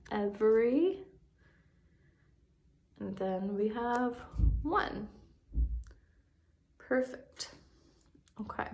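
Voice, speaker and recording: On video, a woman with a creaky, medium-pitched voice teaches first graders a spelling lesson. She stays patient and encouraging, drawing words out slowly for the young children.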